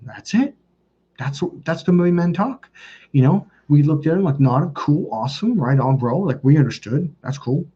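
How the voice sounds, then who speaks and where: A dating coach talks in a loose, rambling way, swearing freely and leaning on filler words. His voice is husky and mellow. The recording sounds a bit dull and lo-fi. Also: a little high, expressive, normal speed. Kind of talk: casual storytelling monologue.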